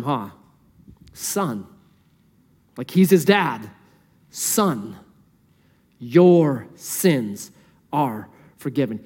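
A man preaching a sermon in a conversational, lively way, asking the listeners rhetorical questions. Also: sits high, in a large hall. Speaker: pastor.

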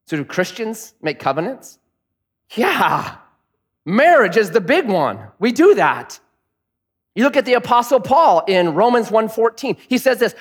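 A middle-aged male pastor delivering a sermon with a high, lively voice. He preaches in a joking, animated way, swooping up and down in pitch. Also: normal speed.

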